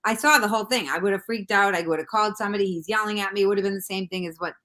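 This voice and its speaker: A woman from Boston with a Boston accent, a comedian telling a story in casual podcast chat, quoting people as she goes. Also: mid-range voice. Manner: fast, animated anecdote-telling with acted-out quotes. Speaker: guest comedian.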